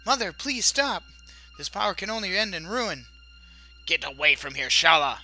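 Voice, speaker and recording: A gentle, sorrowful young princess , voiced by a man narrating a game, pleads in a raised, high voice that has a very bright, sharp tone. Faint game music plays behind her. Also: sing-song, moderate pace, full character voice. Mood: pleading. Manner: pleading, raised-pitch delivery.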